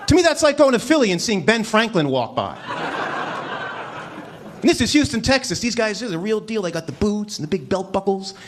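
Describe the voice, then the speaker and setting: A man doing a stand-up comedy set on a club stage, animated and mock-incredulous, acting out little voices as he tells his stories. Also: sits high, a little fast. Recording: live club recording with crowd noise. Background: audience laughter.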